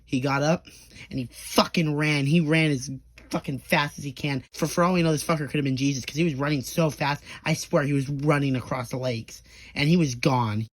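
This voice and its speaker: Slightly high, with fairly even intonation and a slightly fast delivery on a dry recording, a young man rambles through a profane storytime monologue. He stammers, restarts, and briefly voices the people he quotes.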